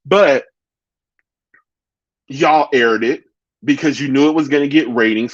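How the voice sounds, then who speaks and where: A man hosting a casual chat show, talking in an animated way and answering viewers' comments directly. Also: mid-range voice, no room sound, dull audio. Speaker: talk show host.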